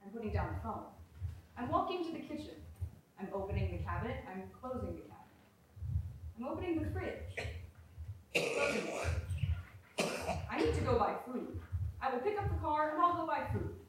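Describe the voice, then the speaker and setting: A woman's voice: high-pitched, lively intonation, a little fast, pauses often. A woman performing live in a theater, speaking in a plain, matter-of-fact way. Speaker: stage actor. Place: theater stage. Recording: echoey hall, far from mic, noisy.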